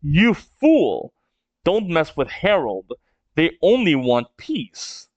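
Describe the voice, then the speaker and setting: A man playing a defiant male pirate captain who answers with taunts and challenges. His voice is fairly high and the pace is slow. The recording is dry and muffled. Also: sing-song, dry recording.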